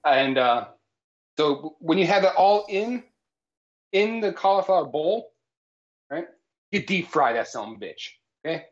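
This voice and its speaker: A man's voice: a little high, very animated, measured pace, pauses often. A man co-hosting a jokey live cooking stream, explaining absurd facts in a mock-authoritative tone and tagging lines with "all right?". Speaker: cooking show co-host. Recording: slightly dull lo-fi stream audio.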